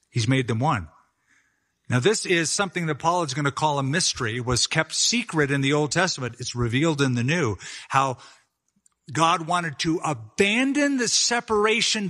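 Bright, emphatic male pastor preaching. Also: a little high. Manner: emphatic, conversational preaching with asides. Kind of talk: sermon.

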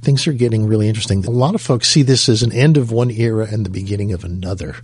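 Male host, husky voice, lowish pitch, easygoing chat, casual fillers. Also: quick pace, a little mellow. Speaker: talk show host. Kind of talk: casual co-hosted show talk.

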